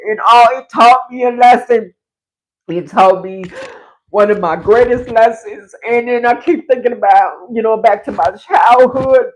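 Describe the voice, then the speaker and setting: A woman's voice: sits high, poor audio. A woman speaking in a casual, emotional livestream testimony about her faith. Her voice is fervent and tearful. She keeps sliding into a preaching rhythm, addressing listeners directly. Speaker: livestream host sharing a personal faith testimony.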